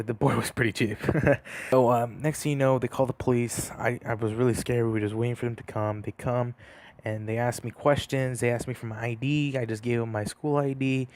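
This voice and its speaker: Rambling young man telling a story. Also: medium pitch. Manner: rambling, many fillers and restarts, laughs at himself. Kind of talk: casual storytime over gameplay.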